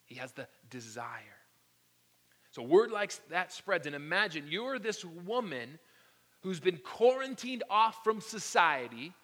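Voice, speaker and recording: A man preaching a sermon, telling stories with animated energy and dropping to soft whispers for emphasis. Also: high-pitched, measured pace. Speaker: pastor. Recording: long echo of a large hall.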